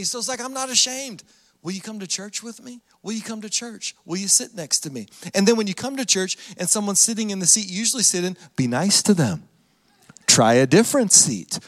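A man with a high voice preaches from a church stage, chatty and animated. He acts out the people in his stories as he goes. The sound carries a long reverb from a large sanctuary. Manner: conversational and animated, acting out quoted voices. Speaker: pastor. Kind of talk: sermon.

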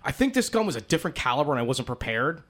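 A man's voice: mid-range voice, sing-song, very fast, fairly bright tone. A man in casual chat, telling rambling stories full of swearing. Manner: profane, rambling storyteller.

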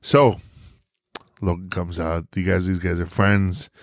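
Male podcast host, low voice, theatrical and profane, dry close recording. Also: fairly even intonation, measured pace, no room sound. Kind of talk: casual movie talk.

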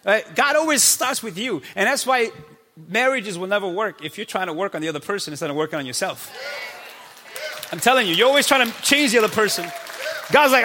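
A man in his thirties preaching a lively, playful sermon in a church, acting out quick voices as he goes. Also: high-pitched, some chatter behind. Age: 30s. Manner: energetic, playful, acts out God's voice. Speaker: pastor. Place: church sanctuary. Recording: long hall reverb.

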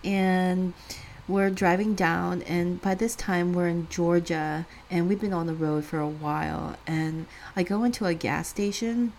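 A woman with a fairly low voice tells a personal story in a relaxed, conversational way. She laughs often and lifts her voice when quoting other people. A faint hiss of noise sits under the recording. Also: a little slow. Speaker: podcast co-host.

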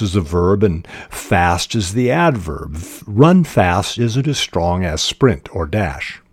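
A man hosting a fiction-writing podcast who explains craft in a measured, deliberate way, pausing often on "uh". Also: sits low, a little mellow, dry recording, clean studio sound. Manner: measured and deliberate, with frequent "uh" pauses. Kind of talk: instructional podcast talk.

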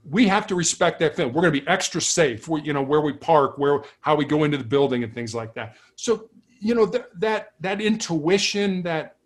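A man's voice: fairly high pitch, moderate pace. A middle-aged man, a former police officer, telling stories earnestly in a conversational interview, often restarting and repeating words. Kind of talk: reflective storytelling in conversation.

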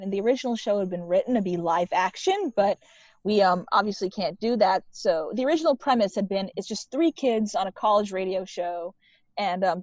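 A woman's voice: medium pitch, darkish tone, dry recording. A woman chatting casually as a podcast guest, full of "like" fillers. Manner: chatty, many "like" fillers, laughs often. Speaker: guest writer and filmmaker. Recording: dull muffled audio, dry.

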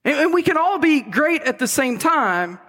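A man's voice: very high-pitched, big pitch swings, normal speed, sharp tone, big-room sound. A man preaching a sermon in a conversational, playful storytelling manner in a church.

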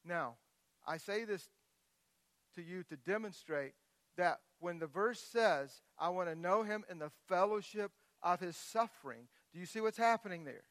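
Male pastor, middle-aged, sermon, bright ringing tone, dry close sound, fervent rising delivery. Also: high-pitched, normal speed, dry recording. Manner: builds from quiet scripture reading to loud impassioned exclamations.

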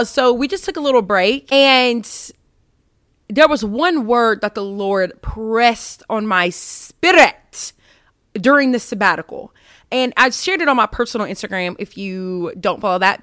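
A woman's voice: on the high side, expressive, unhurried, a bit bright, no room sound. Bubbly young woman, dry close mic. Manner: rambling, bubbly, self-mocking. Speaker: podcast host. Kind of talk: casual faith podcast chat.

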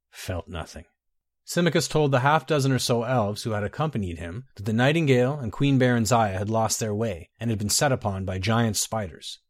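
A man reading a fantasy story aloud in a measured, even narrating voice. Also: lowish voice, no echo, clean studio sound.

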